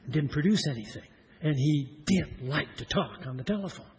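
A pastor from Iowa preaching a personal story in an earnest, repetitive style that grows louder at its points. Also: male voice, on the high side, lively intonation, moderate pace, creaky. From Iowa, USA.

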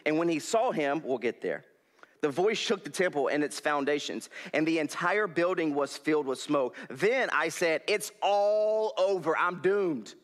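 In a church hall, a young male preacher with a slightly high voice gives a folksy, spirited sermon over a headset mic. Laughter comes often throughout.

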